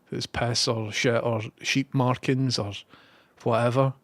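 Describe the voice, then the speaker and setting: A man's voice: medium pitch, fairly even intonation, a little slow. A man with a Scottish accent, a live streamer telling a rambling story and reading out viewer messages.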